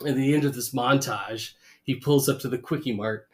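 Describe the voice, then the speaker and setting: A man's voice: mid-range voice, moderate pace. Man co-hosting a podcast, casual and enthusiastic as he recaps scenes. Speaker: podcast co-host. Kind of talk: casual chat.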